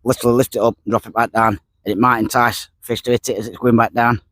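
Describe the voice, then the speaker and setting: A man's voice: mid-range voice, little pitch movement, fast, fairly bright tone. A man, chatting casually to camera while fishing by a lake, dropping words and repeating himself. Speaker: fishing vlogger. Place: lakeside outdoors.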